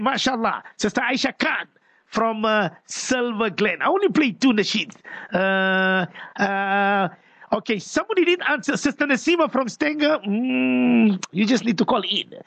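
A South African man hosting a radio call-in show, animated, exclaiming as he reads out listener messages at a studio mic. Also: sits high, dry recording.

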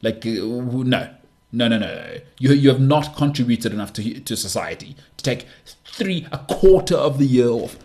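A man's voice: mid-range voice, lively intonation, normal speed, darkish tone. A man hosting his own podcast in a casual solo monologue, rambling and opinionated, often restarting words with a stammer and slipping into sarcastic teasing. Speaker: podcast host.

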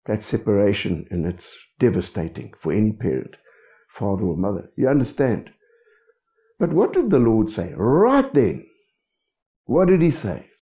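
A man's voice: fairly low pitch, sing-song, moderate pace, dark tone. A man preaching a sermon, who keeps checking in with his congregation. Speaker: pastor. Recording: dull lo-fi recording.

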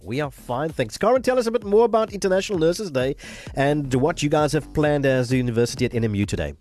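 Man, animated pitch, jokey morning radio host. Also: fast, faint music behind. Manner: lively, jokey. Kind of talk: breakfast radio interview.

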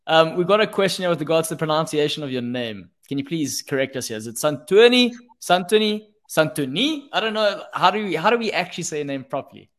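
A man's voice: fairly high pitch, animated, fast talker, few pauses, fairly bright tone. A man from South Africa hosting a casual podcast over a video call, friendly and playful, asking his guests questions. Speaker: podcast host.

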